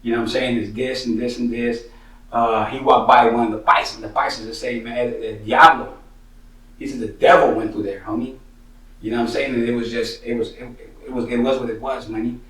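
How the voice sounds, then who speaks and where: A man's voice: mid-range voice, fairly even intonation, a little fast, a bit bright. A man from San Jose, telling his own street stories in profane slang and filling his talk with "you know what I'm saying" and "money.". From San Jose, Northern California. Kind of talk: casual street storytelling. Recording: roomy, distant mic.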